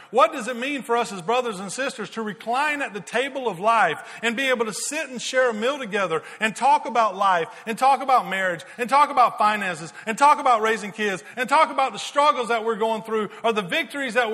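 A middle-aged man preaching a sermon, telling lively anecdotes and repeating words as he goes. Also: very high-pitched. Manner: lively anecdotes, repeats words, giggles at his own stories. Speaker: pastor. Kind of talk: sermon with storytelling. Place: large church worship hall. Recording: long reverb of a large hall.

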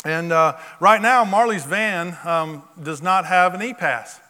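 A male pastor telling a story from the pulpit in an animated, repetitive storytelling manner. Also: high voice, a little slow. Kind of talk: sermon storytelling. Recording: long hall reverb.

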